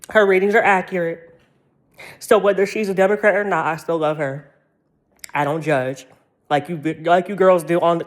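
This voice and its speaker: An American woman ranting in a vlog, profane and rambling, laughing through her anger. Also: low-pitched. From United States. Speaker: vlogger.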